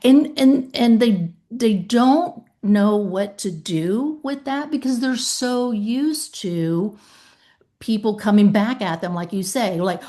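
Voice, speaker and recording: A woman's voice: on the high side, lively intonation, slow, warm tone. Emphatic woman podcast host. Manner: emphatic, acts out phone calls with claimants. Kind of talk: casual podcast conversation.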